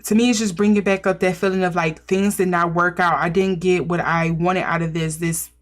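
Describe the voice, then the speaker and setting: A woman's voice: fairly low pitch, fairly even intonation, a little fast. Woman musing through a tarot reading. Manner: musing, thinks aloud while speculating. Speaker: tarot reader. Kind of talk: casual intuitive tarot reading.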